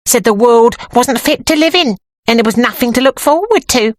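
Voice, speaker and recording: A woman's voice: a little high, expressive, moderate pace, no room sound, pitched above the performer's own voice, lightly acted. A woman reading an audiobook, voicing a flashy, mean middle-aged woman with a thin, reedy voice. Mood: complaining.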